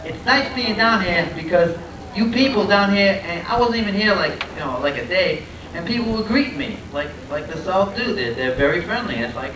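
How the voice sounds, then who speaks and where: A man from Rhode Island doing a loud, punchy stand-up comedy set on a club stage, working the crowd. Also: high-pitched, lively intonation, normal speed, noisy background. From Providence, Rhode Island. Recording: echoey club from a far camera, loud crowd.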